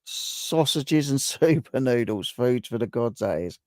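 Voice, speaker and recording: A man's voice: medium pitch, lively intonation, a little slow, darkish tone, no room sound, clean studio sound. A man hosting a live stream, chatting casually and reacting to viewers' guesses as he reads their comments aloud.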